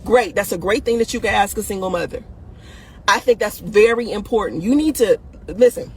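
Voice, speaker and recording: A woman's voice: medium pitch, slightly rough. A woman hosting a video, giving dating advice in blunt, profane casual talk, laughing often and tossing "listen" and "right?" at her audience.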